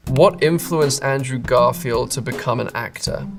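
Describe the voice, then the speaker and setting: Faint music plays behind an English actor in his thirties as he reads internet comments aloud and responds at a moderate pace. His mid-range voice has vocal fry, and he rambles, cuts himself off, and occasionally laughs at himself.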